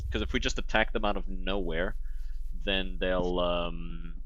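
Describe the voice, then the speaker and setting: A man giving casual, wry commentary while playing a video game, with deadpan jokes and frequent fillers. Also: deep voice, dull audio. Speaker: gaming streamer. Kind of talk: casual let's play commentary.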